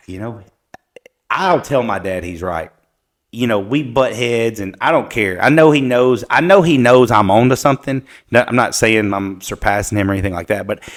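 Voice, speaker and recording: Young man hosting, loose and profane. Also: mid-range voice. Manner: loose, rambling, peppered with profanity. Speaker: podcast host. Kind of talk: casual chat.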